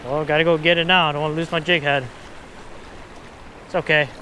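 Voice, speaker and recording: An excitable man fishing at a river, talking to his viewers and a little out of breath, recorded outdoors on an action camera. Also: a little high, a little fast, slight background noise. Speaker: fishing vlogger. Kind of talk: casual fishing vlog.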